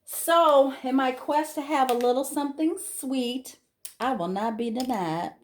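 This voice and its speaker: A woman's voice: sits high, a little slow, slight background noise. A middle-aged woman talks casually in her home kitchen as she cooks. She rambles, restarts her sentences and fills the gaps with ums. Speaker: cooking vlogger. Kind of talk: casual kitchen vlog chat.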